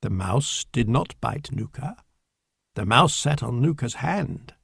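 A man reading a children's storybook aloud in a slow, clear, deliberate manner. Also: medium pitch, lively intonation, fairly bright tone, dry recording, clean studio sound. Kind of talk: storybook narration.

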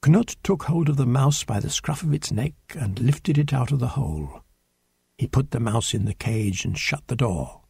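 A man reading a children's storybook aloud, slow and expressive. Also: creaky, breathy edge, no room sound, studio quality. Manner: slow, expressive read-aloud with lively pitch.

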